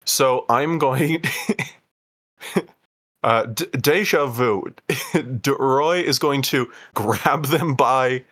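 Slow-talking guy playing a tabletop game, laughs a lot, hesitant. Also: medium pitch, fairly bright tone. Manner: laughs often, hesitant, thinking aloud. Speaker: player.

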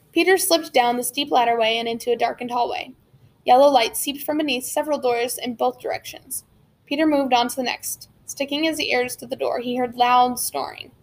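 High-voiced woman reading a novel aloud. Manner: steady storytelling with occasional slips and restarts. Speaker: audiobook narrator.

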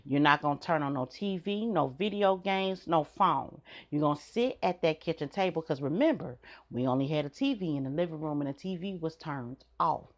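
Through dull audio, a middle-aged woman with a low, animated voice tells stories on her podcast at normal speed, barely pausing. Her candid monologue is blunt, full of swearing, with laughter between points.

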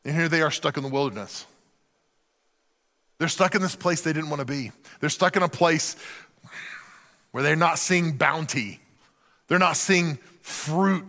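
A man preaching a sermon in an animated way, acting out the voices of the people in the story. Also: fairly high pitch, measured pace, creaky, pauses often, long reverb tail. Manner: animated, acts out quoted voices. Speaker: pastor.

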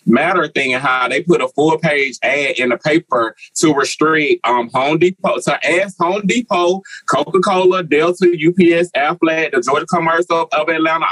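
A man's voice: on the high side, moderate pace, a bit bright, breathy edge, dry recording, low-quality recording. Rambling, profane male co-host, dry sound. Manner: rambling, profane, filler-heavy. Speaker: podcast co-host. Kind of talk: casual chat.

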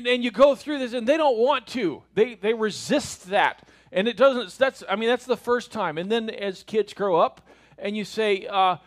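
A man's voice: high voice, moderate pace. Chatty middle-aged man teaching Bible lesson. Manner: conversational, rhetorical questions.

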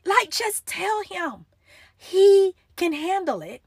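A woman's voice: very high voice, big pitch swings, takes it slowly, a little mellow, no room sound, clean studio sound. A young woman giving an earnest, emotional devotional talk into her phone, pleading with her listeners. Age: young adult. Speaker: motivational Christian speaker.

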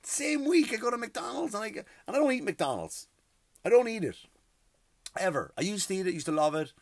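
A middle-aged host ranting about everyday hassles in an exasperated, profane, emphatic way. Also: male voice, high-pitched, sing-song, brisk, dry recording. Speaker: podcast host. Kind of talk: comedic rant.

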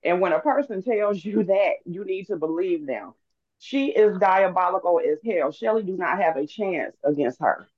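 A caller cuts into a casual gossip chat, apologizing for interrupting and then making a quick point. The line sounds dull and muffled, with the top end cut off, and dry, with no room sound. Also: mid-range voice, animated, a little mellow, no echo.

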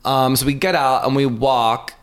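A man co-hosting a podcast, telling a story in casual chat, animated and full of fillers and swearing. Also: medium pitch, moderate pace, smooth. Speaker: podcast co-host.

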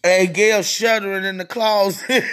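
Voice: mid-range voice, slow, pushed and bright. A podcast host delivering a profane, mocking solo rant, laughing often between lines.

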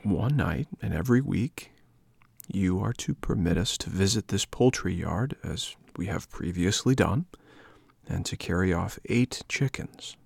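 A man voicing a hushed, coaxing polecat. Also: low voice, expressive, measured pace, gravelly, slightly rough, no echo, full character voice. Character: sly soft-spoken male polecat, scheming thief. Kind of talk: storybook reading.

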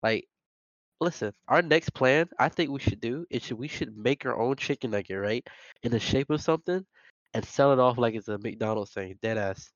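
A man's voice: medium pitch, moderate pace, dry recording. A young man co-hosting a podcast, telling rambling stories with lots of laughs and restarts. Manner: rambling, laughing, animated storyteller. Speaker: podcast co-host. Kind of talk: casual podcast banter. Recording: muffled lo-fi recording.

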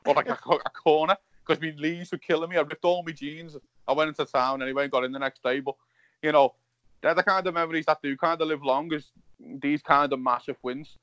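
A man in his thirties with a Liverpool accent, telling animated, sweary stories in casual chat. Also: a little high, a little fast, no echo, dull audio. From Liverpool, England.

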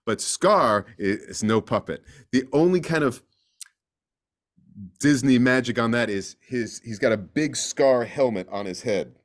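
A man speaking as a guest actor in a casual interview, an animated storyteller who slips into acting out voices. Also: mid-range voice, a little slow.

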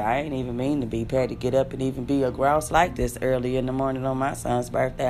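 A woman's voice: deep voice, slight background noise. A young adult woman ranting bluntly and sarcastically to her viewers, full of profanity. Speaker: vlogger. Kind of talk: ranting monologue.

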